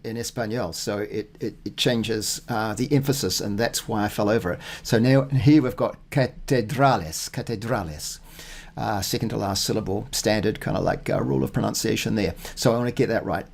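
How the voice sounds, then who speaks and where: A man working through his Spanish practice notes out loud, thinking aloud with many fillers and restarts, and reading phrases slowly and deliberately. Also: fairly low pitch, fairly even intonation, gravelly. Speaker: Spanish learner. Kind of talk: casual self-recorded practice talk.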